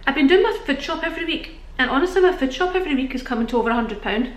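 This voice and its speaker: Young British woman vlogging, breathless and chatty, higher voice in a roomy space. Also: animated, racing. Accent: British English. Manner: chatty, rambling, laughing often. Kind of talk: casual chat to camera. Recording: echoey room.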